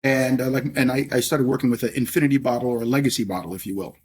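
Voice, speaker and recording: A man's voice: medium pitch, fairly even intonation, racing, darkish tone, husky. A middle-aged man, a podcast guest, telling stories in a chatty, anecdotal way and often adding "if you will". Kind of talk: casual storytelling interview.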